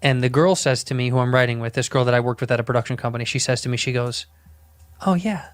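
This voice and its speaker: A man spins a long anecdote in casual talk, swearing freely and tripping over his own restarts. His voice is smooth and clear at a middle pitch. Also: fast talker. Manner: rambling, profane, self-interrupting. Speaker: podcast storyteller. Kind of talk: casual chat storytelling.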